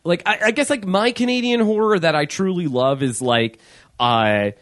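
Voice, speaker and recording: A man's voice: high-pitched, moderate pace, a bit bright, no room sound, clean studio sound. A man from the United States co-hosting a casual podcast, rambling and swearing, with many fillers and restarts. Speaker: podcast co-host. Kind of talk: casual chat.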